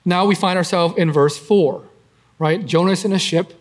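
A man's voice: high-pitched, normal speed. A man preaching and teaching through a Bible passage in a conversational way, with frequent fillers and tag questions like "right?".

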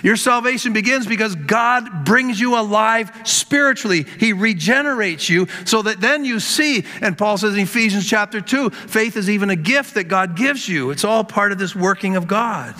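A man preaching a sermon in a voice that sits high and rings bright. He presses his points with repeated words and calls out to the congregation. A long reverb from the hall trails each phrase. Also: normal speed, few pauses. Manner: emphatic, repeats words, addresses congregation as folks. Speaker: pastor.

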